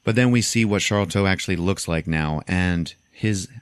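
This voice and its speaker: A man hosting a podcast, casually retelling a movie plot with animated storytelling and frequent swearing. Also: deep voice, normal speed, clear, resonant tone, no room sound. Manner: animated storytelling, acts out quotes, swears freely. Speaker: podcast host.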